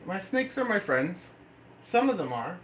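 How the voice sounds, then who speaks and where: A man's voice: sits high, big pitch swings, a little slow, a bit bright. A man from Canada chats with his live-stream audience in a playful, teasing way, taking his time over each line. His voice bounces around a roomy, echoey room, with faint noise underneath. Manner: playful, joking banter with chat. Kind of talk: casual live-stream chat. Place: indoor room with pet snakes.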